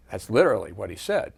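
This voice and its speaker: Older man, veteran interviewee, lowish voice, measured storytelling, pauses and fillers. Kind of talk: recounting war memories.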